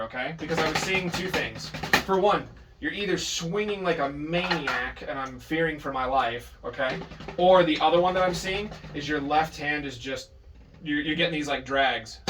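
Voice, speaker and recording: A man teaching a private drum lesson, patient but firm, correcting his student and counting out beats. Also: a little high. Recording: distant mic with drums in the room.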